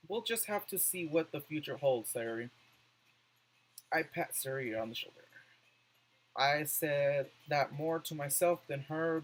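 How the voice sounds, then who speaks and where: A man's voice: fairly high pitch, rough recording. A man doing let's play commentary, reading on-screen words aloud and musing over his choices.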